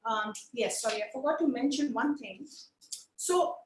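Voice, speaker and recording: A woman's voice: on the high side, moderate pace. A woman with an Indian accent teaching a puppetry workshop, encouraging and switching between English and Hindi. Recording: echoey room.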